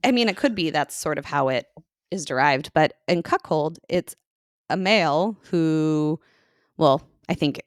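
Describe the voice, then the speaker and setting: A woman's voice: low-pitched, animated, a little slow, no room sound, clean studio sound. A woman co-hosting a casual podcast chat, rambling with fillers and frequent giggles. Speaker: podcast co-host.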